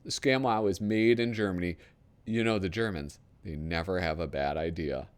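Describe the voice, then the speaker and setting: A man reading a parody ad aloud in the voice of a brash, fast-talking male TV pitchman with pushy hard-sell patter. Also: smooth, natural voice.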